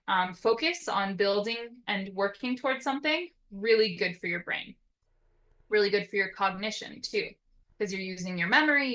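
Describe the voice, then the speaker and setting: Bright-voiced woman explaining, lively intonation. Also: mid-range voice, rough recording. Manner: explanatory, often checks in with "right?". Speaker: occupational therapist. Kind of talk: educational talk.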